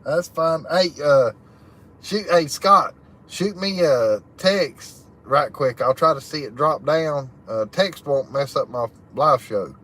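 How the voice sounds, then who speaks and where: Camped out in a chicken hut, this livestream host talks slowly in a high, expressive, bright voice with a forceful tone. The chat is casual; he reads viewer messages aloud and laughs a lot in his drawling, folksy style.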